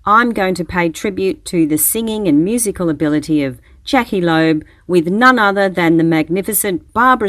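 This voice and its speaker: A woman's voice: lowish voice, no room sound, clean studio sound. A woman radio host reading a scripted announcement, grand in tone.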